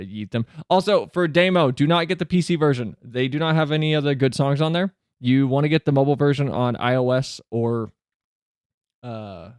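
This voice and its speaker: A man streaming live, chatting casually and answering questions from his chat, with quick asides that climb higher when he gets flustered. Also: no room sound, studio quality.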